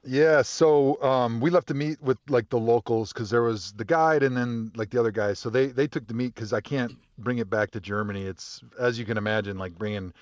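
Man, guest storyteller, relaxed and rambling, muffled dry sound. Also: medium pitch, fairly quick, few pauses, no echo. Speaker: guest, former football player. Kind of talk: casual storytelling.

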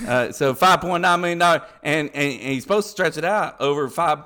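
A man's voice: a little high, brisk, bright, forceful tone. A man playing a brash, foul-mouthed cousin with a Southern Alabama accent who curses and stumbles over his words. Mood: rowdy. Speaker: podcast guest character. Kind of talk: comedic improvised character bit.

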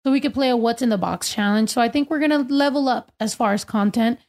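A woman with a fairly high voice hosts a relaxed podcast chat. She talks loudly, swears freely and laughs a lot between remarks. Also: fast. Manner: loud, swearing, laughs often. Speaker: podcast host.

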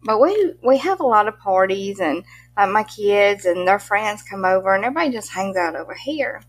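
A woman's voice: medium pitch, animated, normal speed, breathy edge. A middle-aged woman from Mississippi with a strong Southern accent, chatting as an interview guest, laughing often and using country turns of phrase. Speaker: guest, pet content creator. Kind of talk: casual interview chat.

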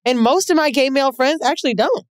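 Woman, frank and chatty, somewhat high voice, dry sound. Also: animated, fast, no room sound. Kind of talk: casual chat.

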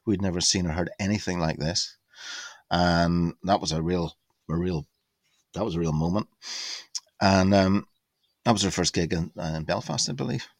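Lively low-voiced man in his fifties. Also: normal speed, gravelly, long pauses, no echo. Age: 50s. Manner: animated, swearing, full of fillers and restarts. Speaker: podcast guest. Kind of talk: casual storytelling anecdote.

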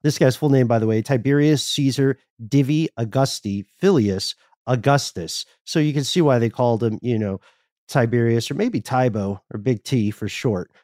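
A man's voice: mid-range voice, moderate pace, a little mellow, no room sound. Wry joking man, dry mic. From Atlanta, Georgia, US. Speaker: podcast co-host. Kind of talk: casual history podcast chat.

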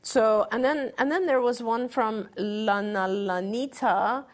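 A woman's voice: a little high, takes it slowly. A middle-aged woman co-hosting a talk show, giving earnest, encouraging advice to parents and often restarting her phrases. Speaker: podcast co-host answering parent questions.

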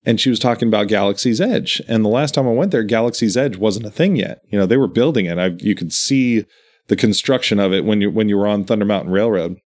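A man's voice: fairly low pitch, fast, darkish tone. A man chatting casually as a podcast co-host, telling stories in a meandering, enthusiastic way. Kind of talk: casual chat.

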